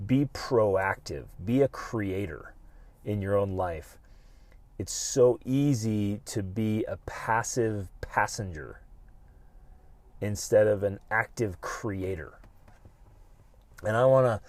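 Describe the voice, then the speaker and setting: A man's voice: medium pitch, dry recording. Fired-up male podcast host, dry sound. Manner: animated and emphatic, acting out his own inner voice. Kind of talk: motivational podcast monologue.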